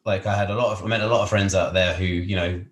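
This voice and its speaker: A man's voice: low-pitched, steady tone, fast, echoey room, a little hiss or hum. A man from England, a podcast guest, talking in a casual, rambling way with many fillers and restarts. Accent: English. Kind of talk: casual interview chat.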